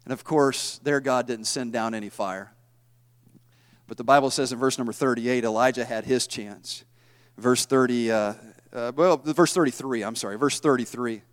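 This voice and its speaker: A man preaching a sermon, retelling scripture in a folksy, animated style. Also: medium pitch, normal speed. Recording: long hall reverb.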